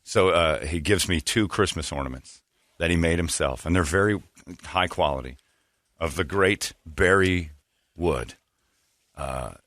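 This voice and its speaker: A man's voice: sits low, unhurried, pauses often, a bit bright, no room sound, clean studio sound. A middle-aged man hosting a morning radio show, rambling through stories with crude jokes. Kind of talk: casual morning radio banter.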